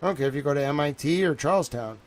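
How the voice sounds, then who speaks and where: A young man talking at home on a live stream, excitable and rambling, repeating himself and saying "bro" and "like" a lot. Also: fairly high pitch, rapid-fire.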